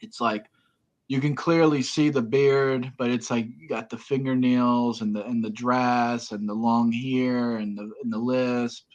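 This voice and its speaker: A man's voice: medium pitch, fairly even intonation, measured pace. A man speaking as a guest in a casual chat, rambling and restarting his sentences. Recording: dull lo-fi audio.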